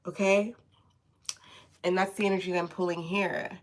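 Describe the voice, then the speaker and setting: A woman's voice: fairly low pitch, little pitch movement, moderate pace, long pauses. A woman giving a casual live tarot reading from home, chatty and often checking in with "okay?". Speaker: tarot reader.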